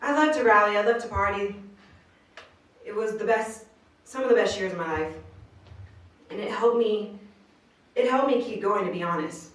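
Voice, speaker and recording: A woman's voice: medium pitch, normal speed, long pauses. A woman giving an earnest inspirational speech at a live venue, telling her story in casual slang. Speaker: motivational speaker. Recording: roomy distant live recording.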